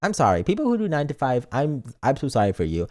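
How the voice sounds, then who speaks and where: A man's voice: mid-range voice, wildly swooping pitch, fast talker, dark tone. A man streaming and chatting casually in a playful, rambling way, reading chat messages aloud. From lives in Britain, not British.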